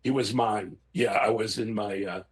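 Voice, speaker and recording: A man's voice: fairly low pitch, normal speed, slightly rough. A middle-aged man, a guest sharing an emotional remembrance in casual chat. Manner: emotional, expressive, tearful at times.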